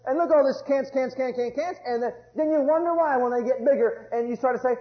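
High-voiced fervent male preacher, lo-fi. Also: fast. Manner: fervent, swings from loud exclamations to low murmurs. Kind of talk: sermon. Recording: muffled lo-fi sermon recording.

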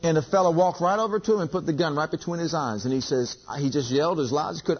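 A man's voice: fairly high pitch, quick pace, hardly any pauses, slightly rough. A man preaching a sermon, telling a story with acted-out dialogue and emphatic repetition. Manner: emphatic, repeats lines, acts out dialogue. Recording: dull lo-fi recording.

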